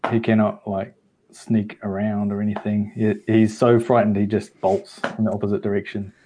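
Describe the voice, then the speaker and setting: A man's voice: lowish voice, flat delivery, moderate pace, dark tone, slight background noise. Young guy playing a tabletop game, lots of ums, jokey, figuring things out as he talks. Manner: hesitant, full of ums, joking. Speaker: player.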